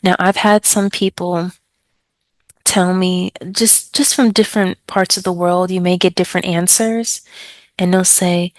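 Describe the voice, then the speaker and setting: A woman ESL tutor explaining a trial lesson step by step, slowly over-enunciating example words to model pronunciation. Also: on the low side, steady tone, dry recording. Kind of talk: teaching tips, modeling pronunciation.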